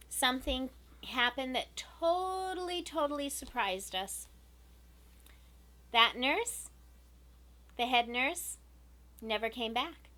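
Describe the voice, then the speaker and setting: A woman earnestly telling a personal story to her viewers, emotional and unhurried. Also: on the high side, bright, forceful tone. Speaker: vlogger.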